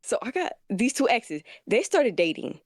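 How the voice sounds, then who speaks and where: A woman caller telling a petty story about her exes to a streamer in an animated, casual way. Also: on the high side, moderate pace, no room sound, studio quality. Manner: animated, petty, acts out quotes. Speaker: caller asking for advice.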